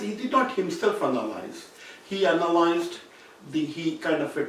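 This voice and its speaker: A man's voice: a little high, slight background noise. A man giving an academic seminar talk, explaining ideas and rephrasing his points as he goes. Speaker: seminar speaker. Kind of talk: academic lecture. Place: seminar room. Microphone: distant room mic. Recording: very echoey room from far off.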